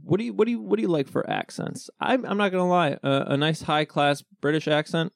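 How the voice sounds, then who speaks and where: A man riffs loosely through a podcast chat, joking and restarting his thoughts. His voice is gravelly with a bit of fry. The sound is dry and close. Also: a little high, brisk, no echo. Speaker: podcast co-host. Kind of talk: casual banter.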